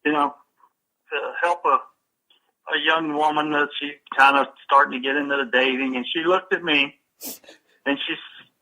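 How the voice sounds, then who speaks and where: A man's voice: fairly high pitch, steady tone, moderate pace, pauses often, bright, forceful tone, poor audio. A man who is a podcast guest, telling anecdotes with animation in a casual chat.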